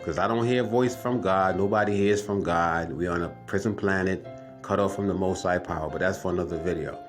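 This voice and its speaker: A man with a very low, deep voice tells his story to viewers in loose, casual talk. He circles back, repeats phrases and calls his audience family. Faint music plays underneath. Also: a little fast. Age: adult, has wife and kids. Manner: rambling, repeats himself, addresses viewers as family. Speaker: vlogger telling a dream.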